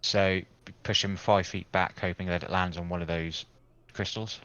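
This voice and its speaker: A man's voice: sits low, fairly even intonation, normal speed, fairly bright tone, no room sound. A man playing a tabletop game, casually describing his character's moves in third person. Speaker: player. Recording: dull lo-fi dry mic.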